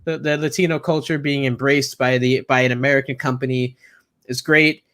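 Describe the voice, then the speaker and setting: A man co-hosting a casual wrestling talk show, ranting in an animated way and often saying "bro" and "like". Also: medium pitch, brisk. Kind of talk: casual podcast chat.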